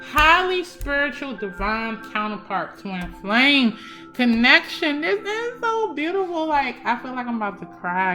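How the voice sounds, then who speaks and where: A woman's voice: high voice, very animated, unhurried. A young woman giving a casual psychic love reading, emphatic and chatty, speaking straight to her viewers. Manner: warm, emphatic, addresses viewers as y'all. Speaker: tarot reader. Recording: faint background music.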